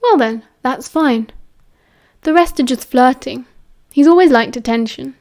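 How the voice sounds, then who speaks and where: A woman's voice: sits high, measured pace, darkish tone. A woman with a British accent voicing a cheerful, teasing teenage schoolboy wizard who talks in a breezy, chatty way. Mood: cheery teasing.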